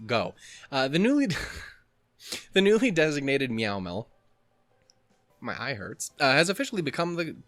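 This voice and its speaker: A man hosting a let's play, chatting and reading in an excitable, jokey way with lots of swearing. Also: mid-range voice, no room sound. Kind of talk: casual let's play commentary.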